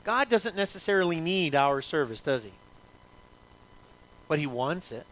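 A man's voice: on the high side, sing-song, unhurried, fairly bright tone. A male pastor preaching a sermon in an emphatic, repetitive way, asking the congregation many rhetorical questions.

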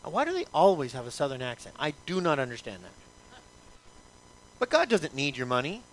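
Male pastor preaching, kinda high voice, keeps firing questions at the crowd. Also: wildly swooping pitch, fairly quick, slight background noise. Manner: emphatic, repetitive, asks the congregation many rhetorical questions. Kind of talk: sermon.

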